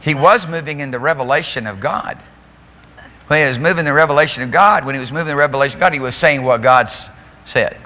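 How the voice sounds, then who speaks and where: Pastor guy preaching hard, bright voice, big echoey church hall. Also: fairly high pitch, fast. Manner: animated preaching, laughing, mimicking voices. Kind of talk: sermon. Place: church sanctuary. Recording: long hall reverb.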